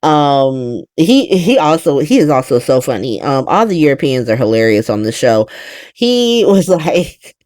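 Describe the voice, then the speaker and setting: A woman hosting a casual soap opera recap, telling it in animated slang with frequent laughs. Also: a bass voice, a little slow, no room sound, clean studio sound.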